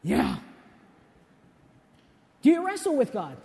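A young adult man preaching a sermon in a casual, confessional way, with animated asides and personal stories. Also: very high voice, takes it slowly. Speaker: pastor. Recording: long hall reverb.

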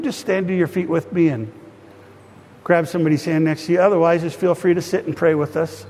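Male pastor, fairly high voice, earnest sermon and prayer, long church-hall reverb. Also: steady tone, brisk, a little mellow. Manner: earnest, addresses congregation directly. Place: church sanctuary.

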